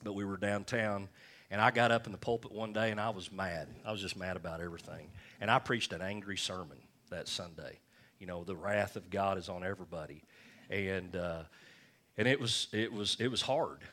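Low-voiced male pastor preaching. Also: brisk, a bit bright. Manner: repetitive preaching, frequent "all right?" checks. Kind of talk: sermon. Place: church.

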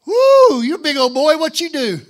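A man doing an impression of a big, loud country man with a twangy, hollering drawl. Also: extremely high pitch, very animated, measured pace, voice pushed up, exaggerated voice.

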